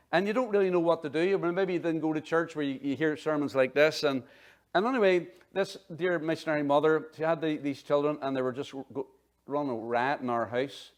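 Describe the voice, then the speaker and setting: A middle-aged man preaches in a chatty, animated way. He breaks off into personal asides. His voice sits a little higher than most men's. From Northern Ireland. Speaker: pastor. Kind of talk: sermon.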